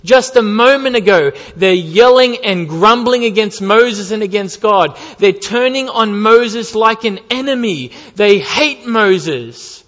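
Slow, high-voiced preacher in a reverberant hall. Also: male voice, animated, a bit bright. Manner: emphatic, repeats key lines, rhetorical questions. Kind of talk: sermon. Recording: dull lo-fi sound with long hall reverb.

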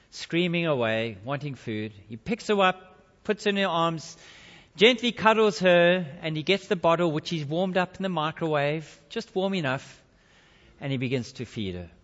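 Male preacher with a slightly high voice, dramatic storyteller, dull recording in a big echoing hall. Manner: dramatic, swinging between loud and hushed. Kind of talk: sermon storytelling. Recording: dull lo-fi sound with long hall reverb.

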